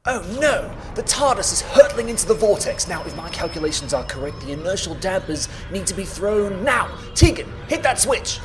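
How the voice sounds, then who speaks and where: A man's voice: sits high, sing-song, moderate pace, few pauses, faint music behind, voice pushed up. A man voicing a polite, flustered actor who swings into dramatic lines during a read-through. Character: nervous, fussy English actor playing a hero.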